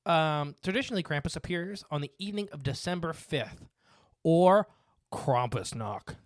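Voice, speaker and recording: A man's voice: on the high side, normal speed, no echo. A man co-hosting a casual podcast, reading facts from his notes and rambling with fillers and restarts. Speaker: podcast co-host. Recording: dry close mic.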